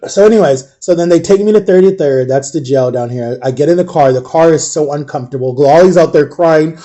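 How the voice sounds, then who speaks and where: A man telling a rambling, animated personal story in a casual vlog. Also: a little high, a little fast, hardly any pauses. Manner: rambling, animated, acts out quoted voices.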